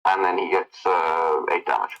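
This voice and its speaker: A man's voice: deep voice, normal speed, creaky, fairly bright tone, poor audio. A man acting as game master, narrating scenes and working out the rules aloud. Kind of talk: narrating and ruling a tabletop game.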